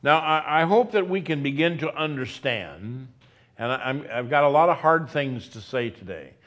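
A man preaching a sermon, speaking slowly and deliberately and repeating key phrases for emphasis. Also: medium pitch, animated, a bit bright.

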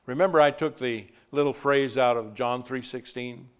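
A man preaching a sermon, swinging from loud, emphatic declarations to soft, hushed passages and stretching key words slowly for emphasis. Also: mid-range voice, clean tone. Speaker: pastor.

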